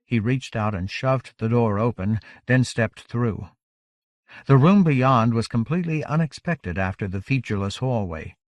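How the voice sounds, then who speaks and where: A man narrates a fantasy novel in a steady, measured way. His voice sits at an ordinary pitch for a man. The recording is dry and close. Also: dry recording. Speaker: audiobook narrator. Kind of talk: scripted narration.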